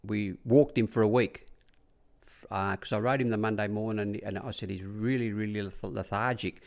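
A man's voice: fairly low pitch, steady tone, normal speed, gravelly, a little mellow. A middle-aged Australian man, a former track rider, telling rambling stories in a casual interview, acting out what others said and repeating "I said" often. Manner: rambling anecdotes, acts out quoted dialogue, repeats "I said".

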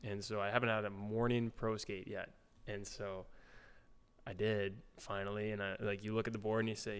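Young guy with a clean, slightly low voice, easygoing, tells stories with lots of "like"s. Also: fairly bright tone, clear, resonant tone. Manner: laid-back storyteller, lots of fillers, laughs often. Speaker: guest, pro hockey goalie. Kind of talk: casual interview chat, telling stories.

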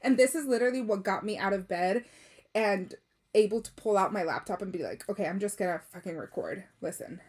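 A woman's voice: medium pitch, lively intonation, brisk, slightly rough. A young woman hosting a podcast, talking candidly and emotionally, dropping Spanish phrases and swearing. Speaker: podcast host. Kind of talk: casual confessional chat.

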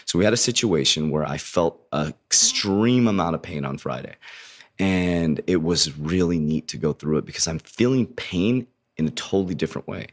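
A man with a very low, deep voice and a slight lisp from a hurt tongue, speaking as a motivational speaker. He tells his story candidly and earnestly, swearing freely and calling his listeners warriors. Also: lively intonation, normal speed.

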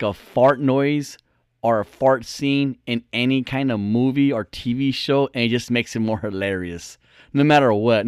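Man, casual storyteller, lively up-and-down delivery, laughs a lot, swears, dry close sound. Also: mid-range voice, no room sound. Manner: animated, laughs often, swears freely. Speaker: storyteller talking to viewers.

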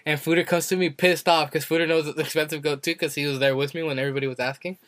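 A man's voice: fairly even intonation, rapid-fire, a bit bright, no room sound. A young man co-hosting a podcast, chatting casually and rambling through a story while acting out what people said. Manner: rambling storyteller who acts out quotes with sudden high jumps. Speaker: podcast co-host. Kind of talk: casual chat.

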